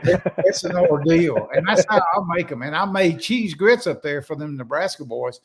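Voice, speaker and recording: A man's voice: a little high, lively intonation, moderate pace, breathy edge. Folksy older man telling stories. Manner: folksy, rambling, self-interrupting. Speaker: guest. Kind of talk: casual storytelling.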